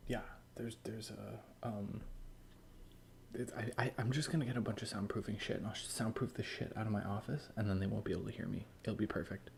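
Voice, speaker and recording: A man chatting on a stream, talking softly and half whispering so as not to wake his babies. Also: fairly low pitch, flat delivery, a little fast, vocal fry, a little hiss or hum. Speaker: co-developer and parent. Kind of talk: casual chat.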